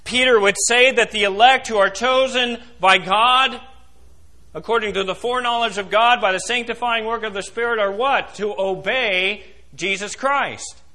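A man's voice: high voice, moderate pace, sharp tone. A male pastor preaching a sermon in a church and putting questions to the congregation. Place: church sanctuary.

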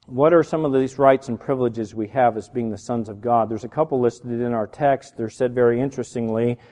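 A middle-aged man pastor preaching a sermon, animated and building to shouts on key words. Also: mid-range voice, brisk. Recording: reverberant hall.

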